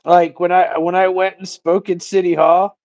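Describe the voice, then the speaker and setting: A man chatting on a livestream in a loose, rambling way, cursing freely and ranting off the top of his head. His voice sits high for a man, and the sound is very dry and close. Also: flat delivery, normal speed, a little mellow, dry recording, rough recording. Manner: rambling, profane, ranting storyteller. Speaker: livestream host. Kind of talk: casual livestream chat.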